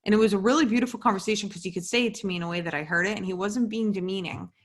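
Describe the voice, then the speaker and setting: A woman's voice: mid-range voice, rapid-fire. A young woman hosting a podcast, talking casually and candidly with many "like" fillers and some swearing. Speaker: podcast host. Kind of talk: casual solo podcast monologue. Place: home at night.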